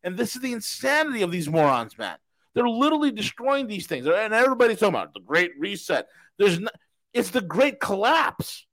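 A man co-hosting a casual political podcast, talking in an animated, mocking way and ranting with scorn. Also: high voice, fairly quick, poor audio. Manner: animated, mocking, puts on comic accents. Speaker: podcast co-host.

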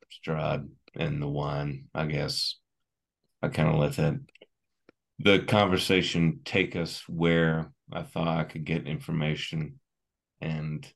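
Deep slow halting player. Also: male voice, creaky, a bit bright. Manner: hesitant, halting with many fillers. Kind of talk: in-character tabletop role-play.

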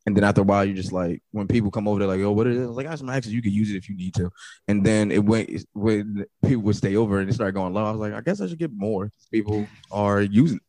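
Easygoing man, low voice. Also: fast talker, no room sound. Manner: relaxed, easygoing, swears casually. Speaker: podcast guest. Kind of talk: casual chat.

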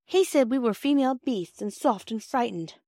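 A woman's voice: on the high side, expressive, moderate pace, dark tone, dry recording, studio quality, pitched above the performer's own voice. A woman reading a classic children's storybook aloud and voicing a hot-tempered little girl who flares up indignantly. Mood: doubtful.

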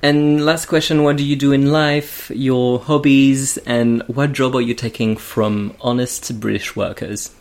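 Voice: medium pitch, measured pace, few pauses. A podcast host from France, who speaks natively, leads a playful interview and jokingly roasts the guest. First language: French. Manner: playful, mock-roasting, lively.

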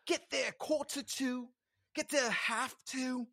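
A man putting on a British accent to play a loud, blunt bloke lecturing people. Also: very high voice, steady tone, slow, creaky, voice pushed up, exaggerated voice. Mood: ranting. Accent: put-on British. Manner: blustery, blunt, preachy. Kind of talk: comic impression on a podcast.

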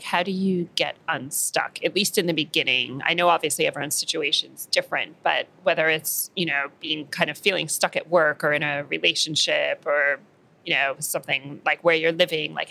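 A woman's voice: sits low, moderate pace, creaky, bright, forceful tone. A woman hosting a podcast interview, asking long, searching questions. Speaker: podcast host.

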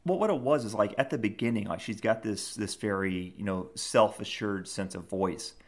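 A man's voice: lowish voice, normal speed. A man co-hosting a podcast, retelling scenes in a rambling, casual chat full of fillers. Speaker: podcast co-host.

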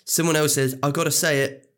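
A man's voice: a little high, flat delivery, a little fast, fairly bright tone. Laughing man co-hosting. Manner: laughs often, trails off. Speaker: podcast co-host. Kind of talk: casual film chat.

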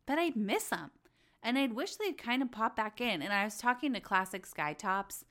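A woman's voice: fairly high pitch, lively intonation, moderate pace, a bit bright. A woman hosting a podcast, chatting casually about reality TV gossip, blunt and full of swearing. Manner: chatty, blunt, swears freely, acts out quotes. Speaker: podcast host.

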